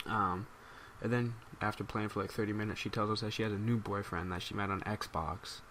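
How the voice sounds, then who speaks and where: A man's voice: lowish voice, fairly even intonation, a little fast, fairly bright tone, a little hiss or hum. A man telling a rambling, amused story as casual commentary for his gaming channel. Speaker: gaming YouTuber.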